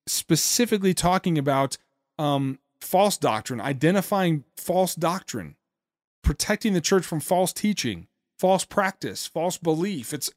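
Sarcastic man, high voice, dry sound. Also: no room sound. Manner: indignant, sarcastic, repeats words when heated. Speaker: podcast host. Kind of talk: critical commentary on a speech clip.

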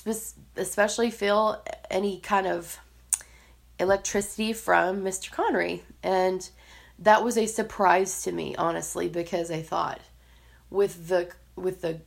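A woman co-hosting a podcast, chatting in a casual, animated way and laughing often between thoughts. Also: lowish voice, creaky. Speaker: podcast co-host.

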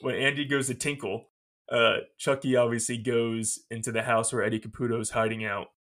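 A man's voice: mid-range voice, flat delivery, brisk, fairly bright tone. A man co-hosting a podcast, casually retelling a film's plot and laughing often as he goes. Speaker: podcast co-host. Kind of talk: casual film recap chat.

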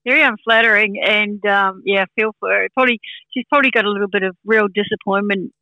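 A woman's voice: mid-range voice, fairly even intonation, fast, pushed and bright, no room sound, muffled recording. A woman from New Zealand giving casual sports chat as a football pundit, chatty with many fillers.

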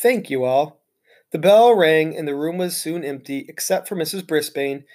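A reader narrating a children's storybook aloud in an expressive, lively way. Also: medium pitch, moderate pace.

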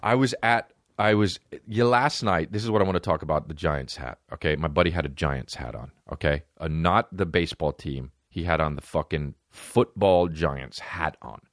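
A man's voice: very deep voice, moderate pace, hardly any pauses, no echo, studio quality. A young man hosting a podcast, telling rambling, profane comic stories with lots of fillers and frequent laughs. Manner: laughs often while talking. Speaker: podcast host. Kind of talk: casual comedic monologue.

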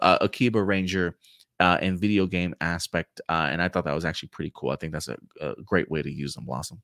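A man with a fairly low voice hosts a relaxed livestream, talking through films and reading out viewer comments. He speaks loosely, with many fillers and restarts. The sound is dry and close, with no room echo. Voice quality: halting, full of fillers and restarts. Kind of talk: casual chat.

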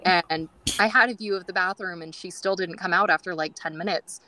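A woman's voice: fairly low pitch, fairly even intonation, brisk, pushed and bright, dry recording, rough recording. A woman guest on a groomers' podcast, telling stories in a chatty way with many fillers and acting out quoted dialogue. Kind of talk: casual storytelling interview.

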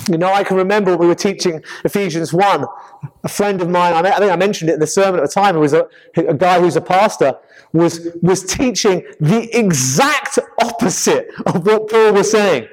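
A man preaching a sermon as pastor, animated and acting out scenes. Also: high voice, a little fast, big-room sound, rough recording. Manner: animated, acts out scenes with laughter.

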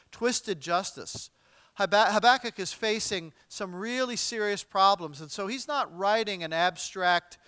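Guy pastor giving a sermon, kinda high voice, jokey and chatty then big dramatic bible reading. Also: pushed and bright, clean tone, dry recording. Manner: conversational with light humor; dramatic readings with wide swings in volume.

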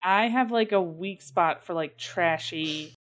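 A woman's voice: fairly low pitch, takes it slowly. A woman co-hosting a podcast in casual chat, rambling with lots of "like" and laughter. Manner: rambling, full of "like", drops into silly voices. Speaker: podcast co-host.

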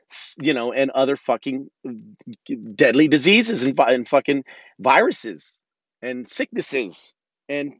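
A man's voice: mid-range voice, no room sound. A man in his thirties ranting casually and profanely, rambling with many restarts, in a car. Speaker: vlogger. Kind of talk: casual rant. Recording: dull lo-fi sound.

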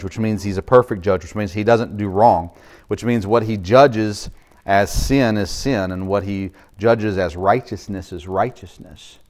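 Man, pastor, middle-aged, low voice, conversational sermon, halting with fillers. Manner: conversational preaching with many fillers and restarts.

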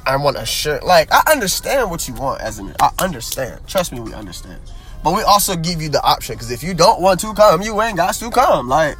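A young adult man hosts a casual solo podcast, his fairly high voice swinging up and down as he rambles through his point. He talks in loose slang, leans on fillers and repeats his words, and gets heated and emphatic. Faint music sits underneath. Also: sing-song, brisk, a bit bright. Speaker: podcast host.

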